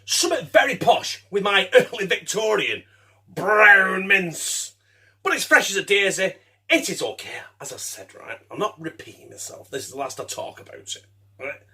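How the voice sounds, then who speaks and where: A man's voice: high-pitched, big pitch swings, normal speed, sharp tone, husky. A man hosting a casual home cooking show, chatty, laughing and swearing as he works in his kitchen.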